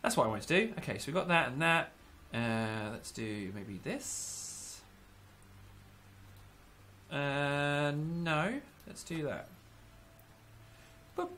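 A man's voice: on the high side, sing-song, takes it slowly, long pauses, fairly bright tone, a little hiss or hum. A man who is a bit sick, rambling and giggling while he builds in a game as a let's-play YouTuber. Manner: giggly, rambling, self-mocking. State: sick, under the weather. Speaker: gaming YouTuber.

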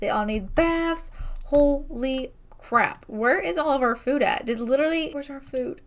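A young woman hosting a gaming video, chatting excitedly through her gameplay with frequent exclamations. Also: high voice, a little slow. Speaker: gaming channel host. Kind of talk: casual game commentary.

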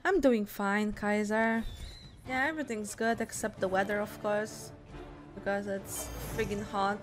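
A woman streaming a game in casual chat, laid-back and giggly, reacting out loud. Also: mid-range voice, steady tone, unhurried. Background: game music.

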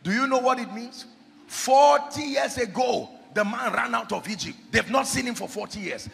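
A man preaching an impassioned sermon, often shouting, with sing-song delivery. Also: very high-pitched, normal speed, creaky. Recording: echoey hall with faint music.

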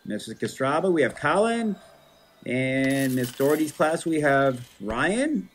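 A man's voice: a little high, very animated, a little slow, slight background noise. A man hosting a school morning show, reading out announcements in a playful, jokey manner.

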